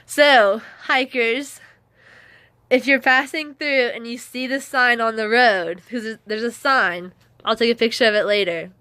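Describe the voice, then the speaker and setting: A woman's voice: fairly high pitch, steady tone, unhurried, sharp tone. An exhausted, emotional woman hiker vlogging to camera indoors in a half-built shelter, gushing and rambling and often laughing. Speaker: long-distance hiker. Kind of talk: casual vlog, talking to camera.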